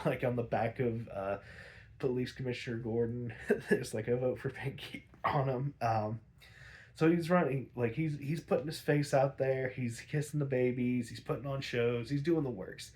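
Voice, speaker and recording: Rambling young man recapping episodes. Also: a little mellow. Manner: rambling, laughs often, acts out characters in quick high voices. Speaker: podcast host recapping episodes.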